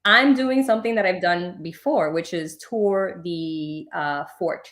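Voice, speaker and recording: A woman's voice: on the low side, a little slow, fairly bright tone. A woman guest on a podcast, telling personal stories in a rambling, casual way, full of filler words. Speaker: podcast guest, spiritual medium. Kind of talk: casual storytelling in an interview.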